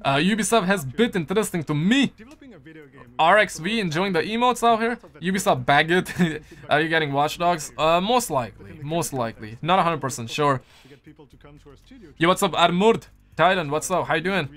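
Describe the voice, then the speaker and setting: A man's voice: fairly high pitch, expressive, moderate pace, a bit bright. A man live-streaming games, chatting loosely in slang and answering his chat through a headset mic. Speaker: gaming streamer.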